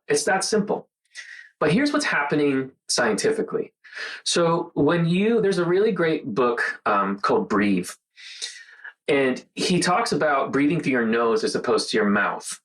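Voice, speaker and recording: A man hosting a casual mindfulness monologue, talking earnestly and guiding the listener through slow counted breathing. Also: medium pitch, big pitch swings, a bit bright, low-quality recording. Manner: earnest, conversational, guides breathing with counted pauses. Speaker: host.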